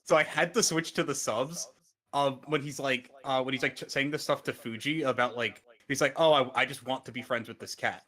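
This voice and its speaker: A man's voice: mid-range voice, a little fast, bright, forceful tone. A man co-hosting a podcast, chatting casually and animatedly, cursing freely. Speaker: podcast co-host. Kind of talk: casual chat.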